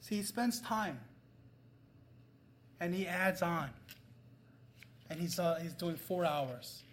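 A middle-aged man preaching a sermon, telling a story with loud emphasis and quiet asides. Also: high voice, takes it slowly. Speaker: pastor.

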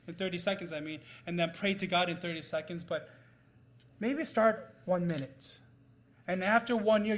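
High-voiced man preaching a sermon. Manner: storytelling, swings from loud emphasis to quiet asides. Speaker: pastor.

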